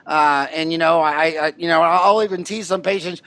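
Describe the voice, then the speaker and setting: A man with a fairly high voice hosts a casual interview, talking in long rambling runs full of blunt jokes. The sound is close and dry, with no room around it. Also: fairly even intonation, normal speed, few pauses, pushed and bright, dry recording. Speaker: podcast host. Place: Scottsdale.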